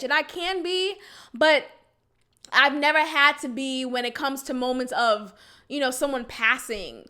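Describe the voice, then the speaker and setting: A young woman with a high, bright voice tells her own story on a podcast. She talks candidly and expressively, slipping into low, quiet sighs and then rising into loud, exasperated outbursts. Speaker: podcast host. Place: Houston, Texas.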